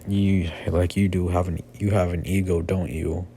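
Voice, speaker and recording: A man voicing a calm, confident young male hero student, in a casual, halting delivery with fillers. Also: sits low, creaky, slight background noise.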